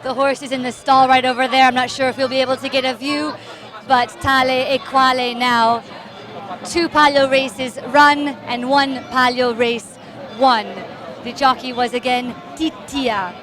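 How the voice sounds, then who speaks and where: A woman giving live, chatty commentary outdoors at a street celebration, excited and out of breath as she walks along with the camera. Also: sits high, measured pace, music in the background. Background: crowd and drums.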